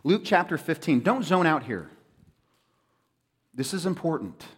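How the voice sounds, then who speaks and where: A man preaching a sermon as pastor, joking and acting out quoted voices with lively animation. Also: fairly high pitch, a little slow, husky. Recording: reverberant hall.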